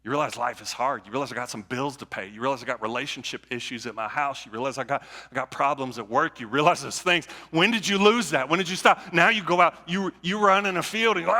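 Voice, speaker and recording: Speaking fast with hardly any pauses, a male pastor with a medium-pitched, sharp voice preaches conversationally. He repeats phrases and restarts while building his points, and the church sanctuary adds a long hall reverb.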